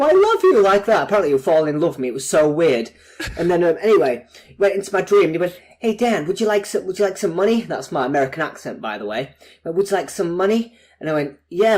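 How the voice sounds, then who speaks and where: A man co-hosting a podcast, telling stories in casual banter with laughter. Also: on the high side. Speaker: podcast co-host. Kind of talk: casual chat.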